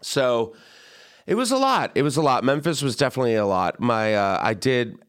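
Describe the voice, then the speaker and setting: A young man hosting a podcast, telling a story in an animated, chatty way and acting out the voices of people he quotes. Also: medium pitch, clean tone. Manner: animated, quick asides, acts out quoted voices. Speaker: podcast host. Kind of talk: casual storytelling chat.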